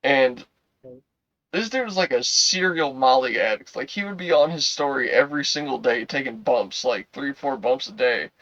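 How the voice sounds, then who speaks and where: A young man tells a story on his podcast in a loose, rambling way, full of "like" and "you know" and plenty of swearing. His voice sits at an ordinary pitch. It is recorded close and dry, with a slightly dull sound. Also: fairly bright tone, no room sound. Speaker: podcast co-host. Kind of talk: casual storytelling.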